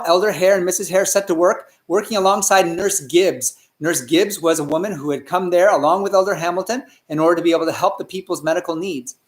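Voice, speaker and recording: A man narrates a children's story with lots of animation, frequently stopping to ask his listeners questions. His voice sits high, and the recording is reverberant.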